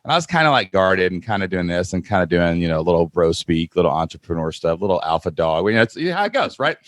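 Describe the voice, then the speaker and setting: A man's voice: low-pitched, quick pace, no echo, studio quality. A man hosting a podcast, telling stories in casual chat and acting out quotes. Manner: animated storyteller, acts out quotes. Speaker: podcast host.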